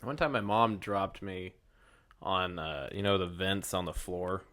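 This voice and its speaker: A man's voice: low-pitched, unhurried, a bit bright. A young man co-hosting a podcast, chatting casually, rambling and joking with frequent laughs. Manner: rambling, jokey, laughs often. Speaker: podcast co-host. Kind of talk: casual chat.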